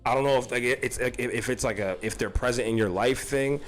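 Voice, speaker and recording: Brief: young New man, profane and animated, spinning a casual story over faint music. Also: medium pitch, quick pace. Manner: profane, animated, rambling with restarts. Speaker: streamer telling a personal story.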